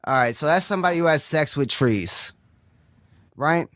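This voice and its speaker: A man's voice: fairly high pitch, lively intonation, moderate pace, a bit bright, no room sound, clean studio sound. Rambling foul-mouthed comedian, man. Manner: rambling, swears constantly, says "right?" often. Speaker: stand-up comedian. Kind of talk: profane stand-up set.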